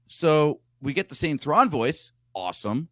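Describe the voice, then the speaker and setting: A man's voice: a little high, big pitch swings, measured pace, fairly bright tone, no echo, studio quality. A man co-hosting a casual fan podcast, talking in a chatty, opinionated way. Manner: chatty, opinionated, shares pictures on screen. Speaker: podcast co-host. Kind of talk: casual chat.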